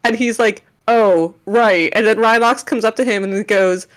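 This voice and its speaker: A woman co-hosting a podcast, retelling scenes in an animated, jokey casual chat. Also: a little high, a little fast. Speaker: podcast co-host. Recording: lo-fi backup bot recording.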